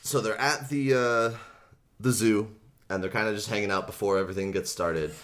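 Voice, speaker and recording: A man with a deep, low-pitched voice recaps a book on a comedy podcast. He tells it loosely and animatedly, full of "like" and fillers. He slips into the characters' lines and laughs a lot. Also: moderate pace. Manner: animated retelling, acts out quotes, laughs often, many fillers.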